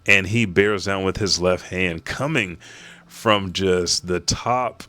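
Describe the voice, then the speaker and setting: A man hosting a manga reaction, retelling a chapter in a profane, animated way. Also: low voice, takes it slowly. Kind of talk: casual chapter recap.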